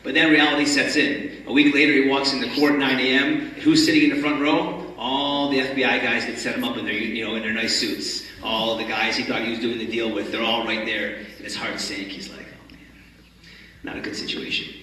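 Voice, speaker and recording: A man giving a storytelling talk at a religious conference, animated and acting out the people in his story. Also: mid-range voice, fairly quick, hardly any pauses, slight background noise. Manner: animated storyteller, acts out the characters. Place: large conference hall. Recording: echoey hall from far off.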